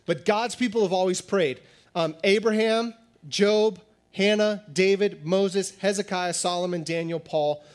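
A pastor giving a sermon in a conversational, animated style, acting out little dialogues as he teaches. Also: sits high, measured pace.

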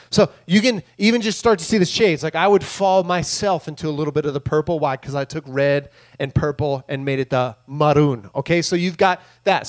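A man preaching a loose, playful sermon in a church room. His voice sits a little high for a man, and he keeps slipping into quick impressions of the people in the story. The delivery is chatty and full of asides. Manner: jokey, animated, acts out quoted voices. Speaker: pastor. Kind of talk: casual sermon.

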